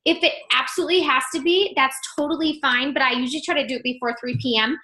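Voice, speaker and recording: Upbeat woman coaching her team on a video call, high voice, lots of "like" and "you guys". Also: fast talker, sharp tone. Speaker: team leader.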